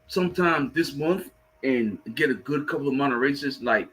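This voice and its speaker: A man co-hosting a track talk show, calmly going through medal counts before pushing his point harder. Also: medium pitch, a little hiss or hum, low-quality recording. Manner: measured, reciting stats, building to emphasis. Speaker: co-host called coach. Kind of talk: sports talk.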